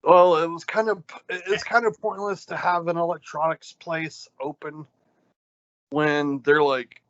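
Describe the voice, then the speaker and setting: A man's voice: on the high side, unhurried, dry recording. A man, co-hosting a casual podcast, telling rambling stories full of ums. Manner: rambling, animated storyteller with lots of ums. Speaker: podcast co-host. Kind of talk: casual chat, storytelling rants. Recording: dull, lo-fi sound.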